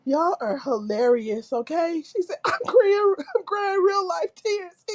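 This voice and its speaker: A woman hosting a casual livestream, reading viewers' comments aloud while laughing helplessly through nearly every line. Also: extremely high pitch. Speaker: livestream host reading chat.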